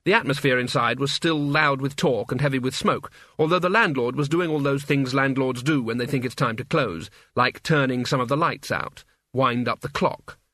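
A man reading a novel aloud as narrator, with an even, wry storytelling manner. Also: mid-range voice, normal speed, hardly any pauses, no echo, clean studio sound. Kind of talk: audiobook narration.

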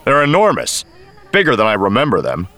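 Guy doing a fired-up smuggler, bright and loud. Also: mid-range voice, wildly swooping pitch, a little fast, pitched above the performer's own voice. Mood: incredulous. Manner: loud, exasperated. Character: hot-tempered male space smuggler, adult.

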